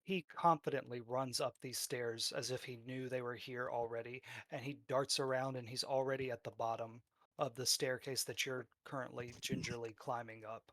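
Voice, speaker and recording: A man's voice: medium pitch, fairly even intonation, moderate pace, fairly bright tone, no room sound, studio quality. A man narrating a tabletop game as game master, describing scenes loosely with fillers.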